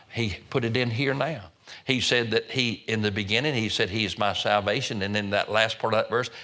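A man's voice: lowish voice, pushed and bright. An older man preaching a sermon in a folksy way, often repeating words and restarting phrases.

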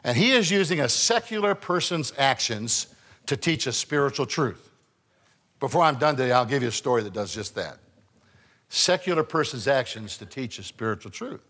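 A man's voice: mid-range voice, big pitch swings, normal speed, fairly bright tone, long reverb tail. A male pastor preaching a sermon in church, with emphatic rising calls and call-and-response to his congregation. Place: church sanctuary.

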